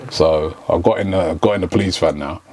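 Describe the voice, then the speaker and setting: A man's voice: deep voice, fairly quick, darkish tone, a little hiss or hum. A man telling a story in casual chat, acting out quoted lines in slangy talk. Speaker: podcast guest.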